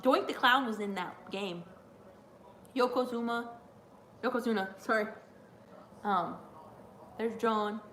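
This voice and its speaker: A woman streamer chatting live during a wrestling watch-along, rambling and excitable with lots of fillers. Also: medium pitch, slow pace, pauses often, slight background noise. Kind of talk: live reaction chat.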